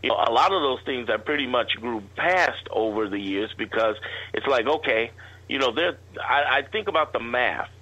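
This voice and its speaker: A man guesting on an interview show tells a long, rambling anecdote in a casual way. His voice is bright and forward, and he sits at a middle pitch. The recording sounds muffled and lo-fi. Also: lively intonation, moderate pace. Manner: rambling anecdotal telling with restarts. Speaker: guest entrepreneur.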